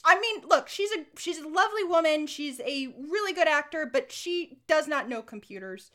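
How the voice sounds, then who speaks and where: A woman co-hosting a podcast, ranting in animated casual chat with quick asides. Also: high voice. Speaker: podcast co-host.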